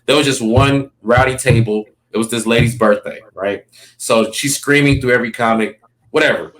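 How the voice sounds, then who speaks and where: A man's voice: mid-range voice, normal speed, a bit bright. A man, a comedian, telling stories in a casual, rambling interview and checking in with "you know what I mean" often. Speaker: comedian guest. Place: Los Angeles.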